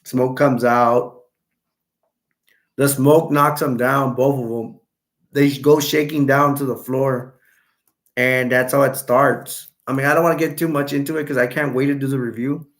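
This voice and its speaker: A man hosting a casual livestream, retelling a film in a rambling, halting way full of fillers and restarts, and reading viewer comments aloud. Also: mid-range voice, fairly even intonation. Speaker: livestream host.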